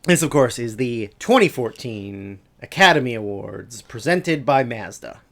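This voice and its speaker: A man's voice: medium pitch, lively intonation, a little slow, gravelly, fairly bright tone. A man co-hosting a podcast, talking casually in a dry, offhand way and reading out lists. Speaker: podcast co-host. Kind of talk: casual chat.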